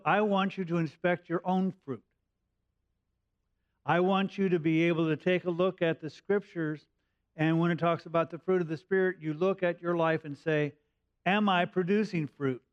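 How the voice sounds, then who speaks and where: A middle-aged man preaching a sermon, pausing often and filling gaps as he works through his points. His voice is smooth and a little high for a man, recorded dry with no room sound. The audio is slightly dull, with the top end rolled off. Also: dry recording. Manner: halting, with frequent pauses and fillers. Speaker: pastor.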